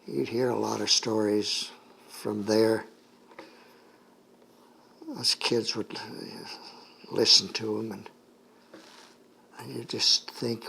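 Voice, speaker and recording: An older man from the United States giving an oral history interview, recalling his childhood at a halting pace with many fillers. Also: fairly low pitch, little pitch movement, gravelly, pushed and bright, slight background noise.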